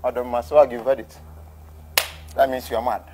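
A man playing a blunt driver who fires back quick, dismissive retorts. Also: medium pitch, little pitch movement, darkish tone, slight background noise, lightly acted. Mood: scornful.

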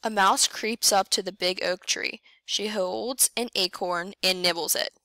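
Bright-voiced woman reading a picture book. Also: no echo. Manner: reads slowly and clearly, voicing animal sounds with lively jumps in pitch. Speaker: first grade teacher reading aloud. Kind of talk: picture book read-aloud for children.

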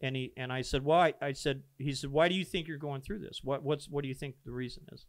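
A man with a smooth, resonant voice tells a personal story on a podcast. He is earnest and animated, acting out each quoted exchange. The sound is dry and close, with nothing heard behind him. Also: mid-range voice, fast talker, no room sound. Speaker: pastor telling a founding story. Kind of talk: casual storytelling conversation. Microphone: podcast microphone.

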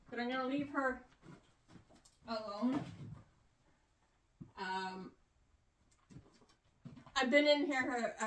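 An older woman showing her rabbits in a casual vlog, rambling with fillers and talking softly to the animals, recorded in a shed. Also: a little high, a little hiss or hum. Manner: soothing, coaxing with animals. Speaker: homesteader. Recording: echoey, distant from the mic, music behind.

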